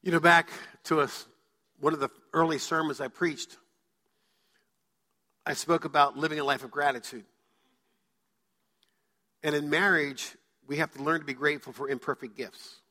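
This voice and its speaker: A man's voice: fairly high pitch, fairly even intonation, moderate pace, pauses often, sharp tone. A male pastor preaching a sermon to his church, telling stories and acting out quoted voices. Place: church sanctuary. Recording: church hall reverb.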